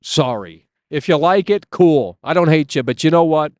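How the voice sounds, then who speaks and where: A man's voice: fairly high pitch, lively intonation, moderate pace, a little mellow, no echo, clean studio sound. A man hosting a casual live stream outdoors on his phone, ranting and swearing as he answers chat. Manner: ranting, profane, reading chat aloud.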